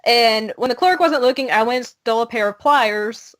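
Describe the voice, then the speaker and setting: A woman's voice: a little high, normal speed, fairly bright tone. A woman on a casual gaming podcast, matter-of-factly recounting her own playthrough.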